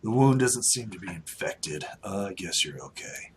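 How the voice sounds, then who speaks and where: A man's voice: deep voice, expressive, normal speed, slightly rough, full character voice. A man doing a dour old farmer. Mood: skeptical. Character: serious, skeptical older male farmer.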